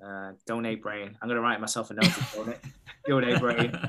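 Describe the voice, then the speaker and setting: A man's voice: fairly low pitch, flat delivery, brisk, sharp tone. A man co-hosting a podcast, recapping a series in a rambling, laughing way. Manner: rambling, laughs often, acts out characters. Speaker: podcast co-host. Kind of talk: casual chat recapping a series.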